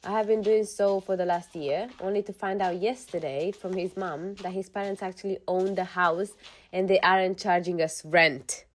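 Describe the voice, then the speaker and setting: A woman's voice: lowish voice, moderate pace. A woman reading relationship posts aloud in a casual storytime, then breaking off to rant with exasperated outbursts and some swearing. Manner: reads posts then rants with animated outbursts.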